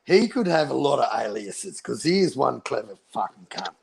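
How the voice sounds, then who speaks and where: A man's voice: medium pitch, sing-song, normal speed, gravelly, slightly rough. A man on a livestream panel, talking bluntly and swearing a lot in casual chat.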